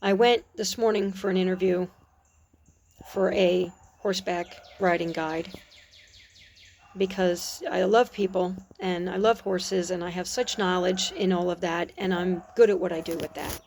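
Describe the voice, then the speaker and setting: A middle-aged woman talking earnestly and reflectively about her faith in a personal vlog, pausing and restarting her sentences, outdoors on a porch. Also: lowish voice, steady tone, darkish tone, a little hiss or hum. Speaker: Christian vlogger. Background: birds and dogs outside.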